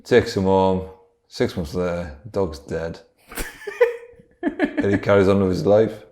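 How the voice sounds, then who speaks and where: A man with a Yorkshire accent co-hosts a comedy podcast, telling a rambling improvised story. His voice is very low, gravelly and dark. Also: a little slow. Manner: rambling, laughs at own jokes. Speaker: podcast co-host.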